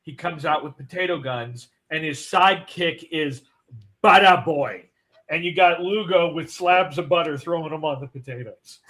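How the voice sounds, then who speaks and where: A man's voice: a little high, moderate pace, a bit bright. A man who is a guest on a casual morning live show, teasing and laughing a lot. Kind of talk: casual live-stream chat.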